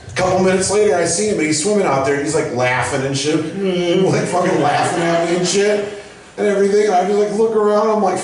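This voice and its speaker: A man working out stand-up material with a slightly high, profane, rambling delivery. He is heard from some distance in a very echoey room. It sounds like a small live venue. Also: animated, brisk. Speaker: open mic host and comedian. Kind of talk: stand-up comedy. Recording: very echoey room, mic from afar.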